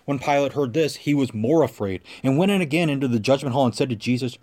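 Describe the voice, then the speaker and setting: A man doing a solemn scripture reading with a measured, reverent delivery. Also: medium pitch, darkish tone. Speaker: scripture reader.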